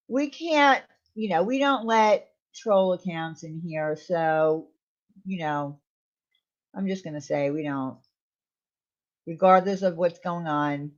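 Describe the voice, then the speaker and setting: A woman hosting a casual livestream chat, blunt and quick to swear, laughing often. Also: fairly low pitch. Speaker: livestream host. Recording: muffled lo-fi stream audio.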